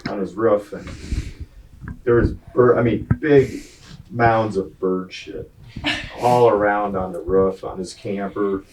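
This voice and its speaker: Taking it slowly with fairly even intonation, a low-voiced man rambles through a long, profane story in a casual podcast chat, chuckling as he goes. He's a racing guest, heard via a distant mic with clear background noise.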